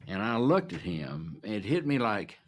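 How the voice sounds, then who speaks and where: A man's voice: on the low side, very animated, normal speed. A man interviewed for a documentary, recounting a memory in blunt, plain-spoken words.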